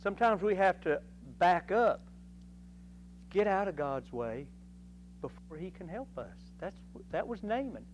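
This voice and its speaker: A man teaching a Sunday school Bible lesson in a folksy, animated way, acting out voices from the story. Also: high-pitched, a little slow, a little hiss or hum, poor audio. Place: church classroom.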